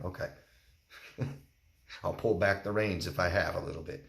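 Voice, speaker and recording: A man's voice: low voice, fairly even intonation, normal speed, vocal fry, a bit bright, reverberant. A man, a relationship coach, answering viewer questions in a candid, plain-spoken way and acting out quotes. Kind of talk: solo Q&A talk to camera.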